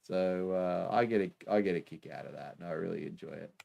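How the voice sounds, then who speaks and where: Low, gravelly Australian man. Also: brisk, darkish tone. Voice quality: chatty, laughs often, many fillers. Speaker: livestream host. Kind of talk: casual live-stream chat reading comments.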